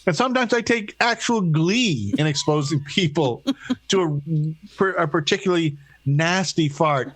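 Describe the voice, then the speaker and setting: A man's voice: a little high, moderate pace, fairly bright tone, no echo. An older man, a co-host with grandchildren, telling crude, profane stories in a casual comedic chat. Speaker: podcast co-host.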